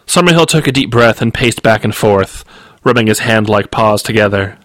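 A man, the author, reading his novel aloud in steady, measured audiobook narration. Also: on the low side, no echo.

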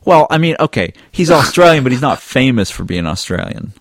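A man's voice: mid-range voice, big pitch swings, brisk, no echo, clean studio sound. A man, an author, hosting a podcast in casual chat, reading out listener mail and keeping the talk on track.

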